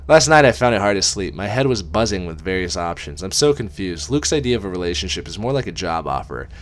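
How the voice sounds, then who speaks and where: A man's voice: low voice, very animated, fast talker, slight background noise. A man reading a novel aloud in a casual amateur way, with wry asides and casual swearing.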